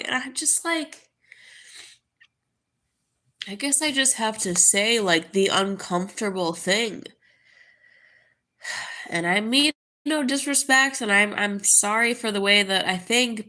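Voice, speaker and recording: A young woman talking to camera in a halting, grieving way, full of fillers and restarts. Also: medium pitch, lively intonation, sharp tone. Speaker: vlogger. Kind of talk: casual spoken monologue.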